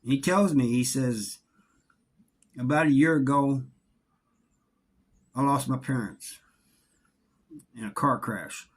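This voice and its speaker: A middle-aged man telling a story from his time in prison in a casual, halting way, often repeating words. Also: mid-range voice, husky. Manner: halting, repeats words, drawling Southern-sounding grammar.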